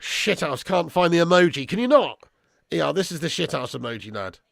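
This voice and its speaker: A man's voice: fairly high pitch, very animated, brisk, creaky, a bit bright, no echo, clean studio sound. A young man hosting a football watch-along, reading out live chat with swearing banter and calling viewers lad and bro.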